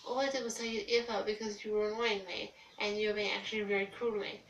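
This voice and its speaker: A young woman, quietly and hesitantly recounting a personal story with many fillers. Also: medium pitch, little pitch movement, fast talker, highs cut off. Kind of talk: storytime vlog. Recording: distant mic in echoey room with faint hiss.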